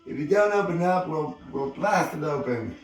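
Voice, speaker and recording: A man's voice: fairly high pitch, slow, a little mellow, distant mic, voice pushed up. A man voicing a determined teenage schoolboy who speaks firmly and grimly, in a very echoey room with faint music behind. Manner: firm, grim.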